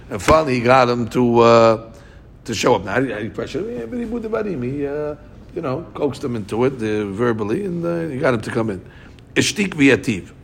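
A man's voice: mid-range voice, a little hiss or hum. A man teaching a Talmud class, reading Aramaic lines and explaining them in English, his voice jumping up when he acts out the speakers. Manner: animated, voice jumps up when acting out speakers.

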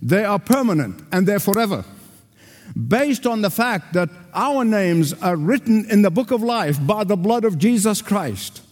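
An older male pastor with a high, lively voice preaches at a measured pace, his pitch rising and falling dramatically. He drives his points home through emphatic repetition and calls on the congregation to answer back. The long reverb of a large church hall rings around him.

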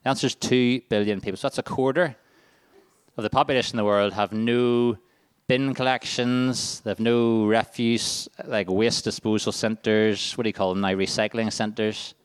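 A man hosts a lively quiz with a group of teenagers, reading out the options one by one. His voice is clean and resonant, recorded close with a dry sound. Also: on the low side, normal speed, clean tone, no echo. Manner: upbeat quizmaster, reading out multiple-choice answers. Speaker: workshop leader. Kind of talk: interactive quiz with a youth group.

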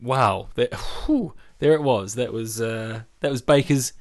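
A man's voice: medium pitch, measured pace, dry recording. A man in casual banter, reacting with dry exasperation.

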